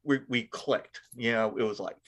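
Halting man starting a story. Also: medium pitch, fairly bright tone. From Long Island. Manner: halting, full of restarts and fillers. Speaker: podcast co-host. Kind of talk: casual chat.

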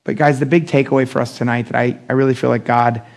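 With a quick delivery and some vocal fry, a male pastor gives an animated sermon. He plays out the quotations with dramatic pitch swings and trades jokes with the congregation.

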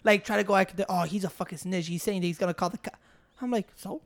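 A woman's voice: mid-range voice, fairly even intonation, fast talker. A woman chatting casually on a podcast, blunt and slangy, swearing freely. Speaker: podcast co-host. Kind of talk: casual chat.

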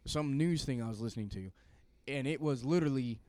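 A man's voice: medium pitch, a little fast, mellow, dry recording. Opinionated man. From Louisiana. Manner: opinionated, emphatic, rambling. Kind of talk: casual podcast chat.

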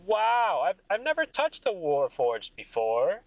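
A man doing a high, gushing, lively king in a tabletop game, greedy and touchy, muffled lo-fi audio. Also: measured pace, no room sound, exaggerated voice. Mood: delighted. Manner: gushing, high-pitched exclamations. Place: in his car.

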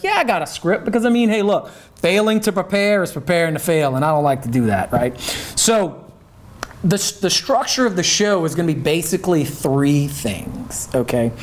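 A middle-aged man hosting a casual show, folksy and emphatic, often checking in with "right?" and "okay?". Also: high-pitched. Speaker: podcast host. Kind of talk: casual chat.

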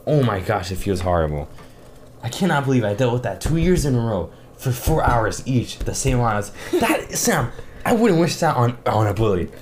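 A young man co-hosts a casual podcast, his voice rising and falling in lively swings. He groans and exclaims as he tells his stories. A faint hiss of noise sits under the recording. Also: medium pitch, normal speed. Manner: animated, laughing, groaning and exclaiming. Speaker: podcast co-host. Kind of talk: casual chat.

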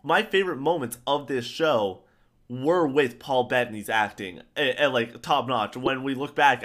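Man, casual chat, excited, rambling, repetitive. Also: mid-range voice. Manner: excited, rambling, repeats himself. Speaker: podcast co-host. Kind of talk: casual pop-culture chat.

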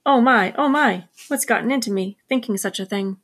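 Brief: flustered gentle woman, read by the narrator, storybook mystery. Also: a little high, brisk. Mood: fretful. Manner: fretful, flustered.

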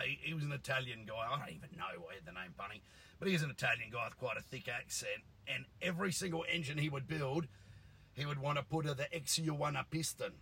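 A man's voice: mid-range voice, bright, forceful tone, breathy edge, poor audio. A man, a car tuner ranting bluntly and swearing in a casual monologue. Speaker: engine tuner.

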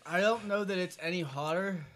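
A man's voice: high-pitched, a little fast. A man joking around during a casual tasting of spicy jerky with friends. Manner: playful, jokey, with loud outbursts. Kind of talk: casual chat, food tasting.

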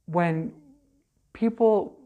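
A woman's voice: lowish voice, drawn-out words. A woman working as a psychic medium, chatting in an interview and telling stories, often ending her points with "okay?" or "right?". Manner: chatty, animated, frequent okay and right tags. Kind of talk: casual interview storytelling.

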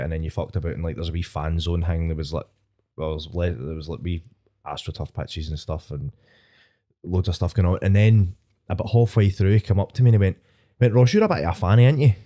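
A man's voice: sits low, warm tone. A Scottish man in his twenties, hosting a podcast and telling a long, rambling, sweary story in casual chat. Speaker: podcast host.

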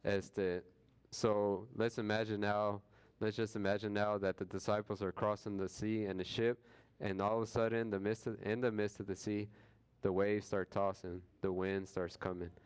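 A man's voice: on the low side, flat delivery, normal speed, smooth. A man leading a casual Bible study, retelling scripture in slangy everyday words and acting out what people said. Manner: acts out quoted voices with jokes.

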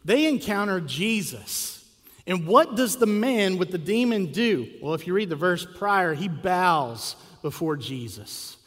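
A man preaching a sermon as a pastor, telling a story with lively acted quotes and rhetorical questions. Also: sits high, unhurried. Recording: long hall reverb.

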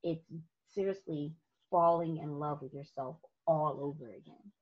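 A woman in a casual podcast chat, telling lively stories as a guest photographer and laughing often. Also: low-pitched, unhurried, a crowd in the background. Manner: animated storyteller, laughs often. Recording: muffled lo-fi podcast audio.

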